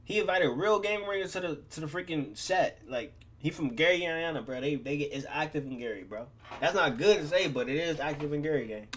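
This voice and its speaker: A man hosts a reaction video in an easygoing, slangy chat, tossing in "man" and "bro" as he goes. His voice sits on the high side for a man. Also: lively intonation, fairly quick, few pauses, slight background noise. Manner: laid-back, slangy, repeats "man" and "bro". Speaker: reaction channel host.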